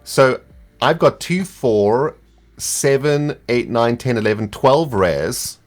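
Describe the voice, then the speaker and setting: A man's voice: mid-range voice, animated, takes it slowly, faint music behind. A man with a South African accent chatting casually as a guest player, patiently explaining game rules with easy laughs and trailing fillers.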